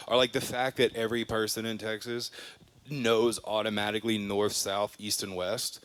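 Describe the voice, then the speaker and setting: A man's voice: mid-range voice, normal speed, clear, resonant tone, no room sound. A young man from Louisiana hosting a casual podcast interview, joking around and filling his talk with "like" and "dude". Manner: joking, animated, says "dude" and "like". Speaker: podcast host.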